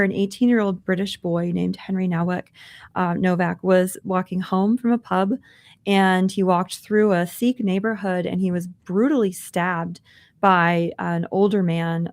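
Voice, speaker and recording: A woman co-hosting a podcast, earnestly recounting a news story in conversational commentary. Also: on the low side. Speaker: podcast co-host.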